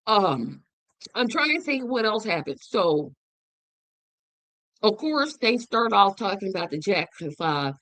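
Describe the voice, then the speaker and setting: A woman hosting her own show, talking through a movie in an animated, emphatic way and repeating words for effect. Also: mid-range voice, measured pace, dry recording. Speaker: show host. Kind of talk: casual movie review chat.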